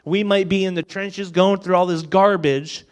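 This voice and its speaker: A man in his twenties preaching an energetic youth sermon. He talks in an animated, joking way and acts out the thoughts he quotes. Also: high-pitched, normal speed, smooth. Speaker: youth pastor.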